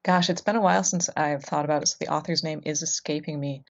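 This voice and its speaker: A woman's voice: low-pitched, fairly even intonation, fast talker, creaky. A woman hosting a podcast in casual chat, musing aloud with many ums. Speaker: podcast host. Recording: dull lo-fi sound.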